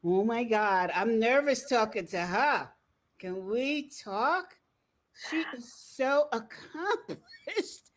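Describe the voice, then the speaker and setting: A bubbly woman hosts a live stream in a chatty, laughing manner. Her voice sits on the high side and she takes her time, drawing out her words slowly. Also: animated, slight background noise. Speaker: host. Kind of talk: casual live-stream chat.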